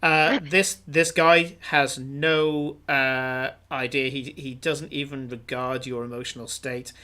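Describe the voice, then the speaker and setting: A man's voice: medium pitch, steady tone, takes it slowly, sharp tone. A man narrating as game master of a tabletop game, rambling with many filler sounds.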